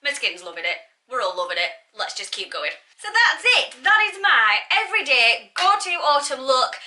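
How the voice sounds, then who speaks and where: A woman's voice: high-pitched, big pitch swings, moderate pace, sharp tone. A woman giving a bubbly, chatty makeup tutorial and talking straight to her viewers. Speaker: beauty vlogger.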